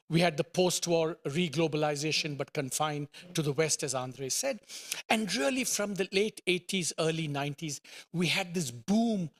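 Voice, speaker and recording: Halting, emphatic economist, slightly high. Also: male voice, fairly bright tone. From India. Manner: hesitant starts with many fillers, emphatic repetition. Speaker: economist panelist. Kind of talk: conference panel presentation. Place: conference panel.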